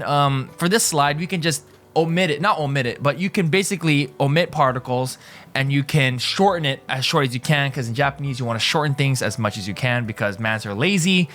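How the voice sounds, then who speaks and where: A man's voice: fairly high pitch, fast talker, fairly bright tone, soft background music. A man teaching in a casual video lesson, explaining in loose restarts and often asking right?. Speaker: language teacher.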